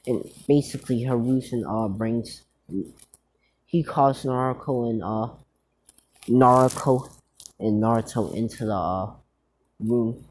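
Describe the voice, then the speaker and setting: A man's voice: mid-range voice, fairly even intonation, slow pace, pauses often, a little mellow, slight background noise. A man casually retelling a fan-made story, rambling with many fillers and restarts.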